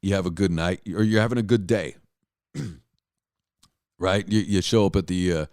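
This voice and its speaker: Podcast host, male, lowish voice, blunt profane rambler with lots of restarts, close dry mic. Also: a little slow, darkish tone, no echo. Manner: blunt, exasperated storytelling. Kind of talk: solo comedic rant.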